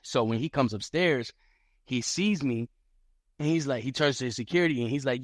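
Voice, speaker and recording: A man on a podcast as a guest fighter, telling a story in casual chat, animated and profane, acting out what others said. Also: mid-range voice, normal speed, no room sound, clean studio sound. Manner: animated, profane, acts out quotes.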